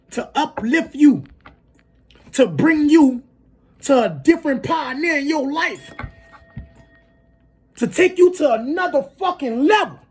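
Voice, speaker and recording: A high-pitched speaker on a heated, profanity-laced rant to camera. The voice jumps from near-shouts down to low mutters, stops for apologetic asides, and keeps tagging lines with "you heard me". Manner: profane, fired up, swings between shouting and muttering; repeats tags like "you heard me" and "you feel me". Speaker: video creator. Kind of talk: heated spoken rant to viewers.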